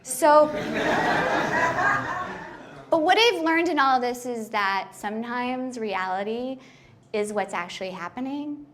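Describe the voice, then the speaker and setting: Stand-up comedian, woman, slightly high voice, chatty self-deprecating storyteller with lots of "like". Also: lively intonation, measured pace, long pauses, heavy background noise. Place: comedy club stage.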